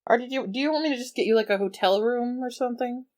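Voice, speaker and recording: A woman's voice: fairly high pitch, fast, darkish tone. A woman playing a character in a tabletop game, laid-back and dry, with a wry sense of humor. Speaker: player.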